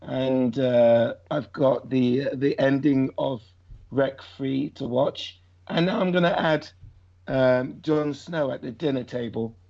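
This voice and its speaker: A man's voice: mid-range voice, steady tone, slow pace. A man losing his voice, chatting casually and agreeably on a podcast. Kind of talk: casual chat. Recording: dull lo-fi sound.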